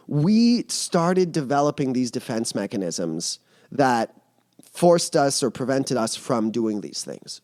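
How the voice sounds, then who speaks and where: A man's voice: mid-range voice, a little mellow, no echo, studio quality. A man who mentors people on emotions, speaking earnestly in a podcast interview and explaining his ideas through vivid metaphors.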